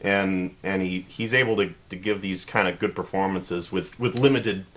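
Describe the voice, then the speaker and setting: A man co-hosting a casual movie review chat, easygoing and halting with many restarts. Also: sits low, steady tone, fairly bright tone. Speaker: co-host.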